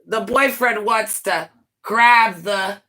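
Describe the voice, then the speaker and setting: A woman hosts a casual livestream with an unhurried, drawn-out delivery. Her voice is bright and forward, and she tells her stories in a dramatic, rambling way. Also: medium pitch. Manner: dramatic, rambling storyteller with laughing asides. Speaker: livestream host.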